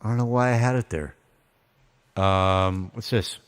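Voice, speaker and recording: Speaking at a measured pace, this man has a low, clear and resonant voice. He's live-streaming his mixing session, rambling casually and thinking out loud with some self-deprecating humor, with faint playback of his mix audible behind him.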